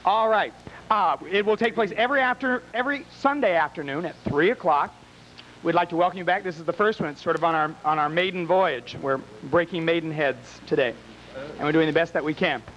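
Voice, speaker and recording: High-voiced, wisecracking male emcee. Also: brisk, a bit bright, slight background noise, low-quality recording. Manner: teasing, wisecracking. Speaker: game show emcee. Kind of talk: campy live emceeing. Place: small bar with a live audience.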